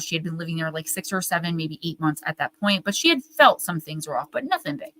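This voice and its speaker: Woman in her forties, crisp bright tone, dry close sound, lively storyteller. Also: fairly low pitch, dry recording, low-quality recording. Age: 40s. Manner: animated, fast storytelling with many fillers. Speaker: guest medium and author. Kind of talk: casual storytelling interview.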